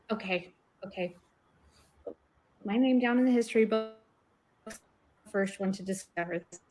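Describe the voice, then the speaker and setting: A woman guest on an online talk show, her voice sitting at a middle pitch. She explains her theories earnestly, pushing her emphasis up on the key points. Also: a little hiss or hum. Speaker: guest researcher. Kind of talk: casual online discussion.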